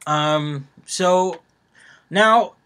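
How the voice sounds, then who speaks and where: Young man, podcast co-host, slightly high voice, rambling, lots of fillers. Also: fairly bright tone, smooth. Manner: rambling, many fillers and pauses. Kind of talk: casual chat.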